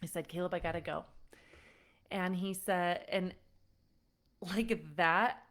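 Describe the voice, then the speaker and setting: A woman's voice: on the low side, steady tone, slow pace. A woman parenting coach teaching a live online session, telling a personal story and greeting viewers by name. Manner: warm-up roll call, then storytelling with acted-out quotes.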